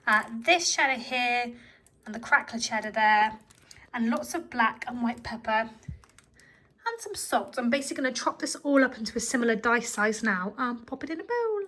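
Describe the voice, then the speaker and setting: A young woman chats away in a casual kitchen vlog, her voice sitting a little on the higher side. She sounds tired and slightly out of breath, yet stays friendly and self-deprecating, often laughing at herself. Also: pushed and bright, poor audio. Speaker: vlogger, homemaker.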